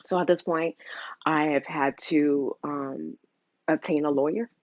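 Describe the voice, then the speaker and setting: A woman's voice: sits low, steady tone, unhurried, no echo. Young woman, emotional confessional vlog, earnest and candid, dry dull lo-fi recording. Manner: earnest, open, many fillers. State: emotional, near tears. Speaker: mother sharing a custody story.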